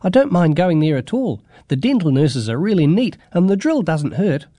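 A man reading a relaxed young boy's lines in a storybook. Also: fairly high pitch, normal speed, no room sound, clean studio sound. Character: young boy, easygoing and unbothered.

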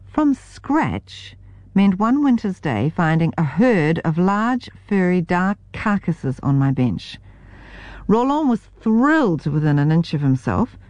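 A New woman reads her memoir aloud with wry humour. Her voice sits low but swings widely through each sentence. The sound is close and dry, with no room around it. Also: no room sound, dull audio. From New Zealand. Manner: wry, expressive storytelling. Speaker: memoir narrator.

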